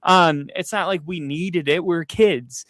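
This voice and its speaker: Young man, bright forceful voice, rambling anecdote, dry close sound. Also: on the high side, a little slow, no room sound. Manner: storytelling, swears freely, lots of fillers. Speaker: podcast host. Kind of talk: casual chat.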